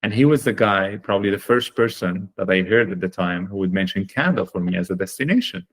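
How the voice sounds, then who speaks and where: A man with a fairly low voice tells his story as a podcast guest. He talks in an earnest, animated way and leans on fillers while he gathers his thoughts. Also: quick pace. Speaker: guest, chocolate company founder.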